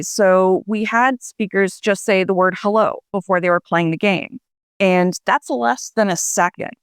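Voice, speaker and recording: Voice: mid-range voice, fairly bright tone, clean tone, dry recording, clean studio sound. A guest explaining voice research in a radio interview, talking it through with fillers and restarts.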